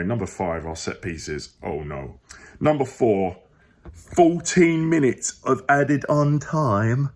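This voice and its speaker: Husky exasperated football fan. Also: male voice, lowish voice. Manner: exasperated, rambling, rising emphatic outbursts. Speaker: football fan channel host. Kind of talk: casual match review to camera. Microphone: phone.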